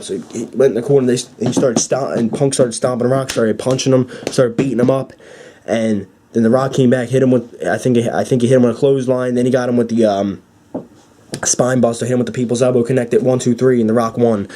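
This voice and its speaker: A young man giving an excited, rambling fan recap with many fillers and restarts. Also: medium pitch, slight background noise. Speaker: wrestling fan vlogger.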